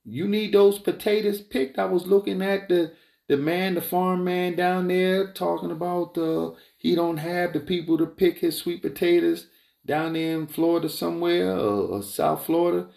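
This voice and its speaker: A man giving a rambling opinion monologue, emphatic and repetitive, wandering off on tangents and climbing high in pitch when he gets heated. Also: fairly even intonation, moderate pace, vocal fry, a little mellow. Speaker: entrepreneur vlogger. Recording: roomy echo.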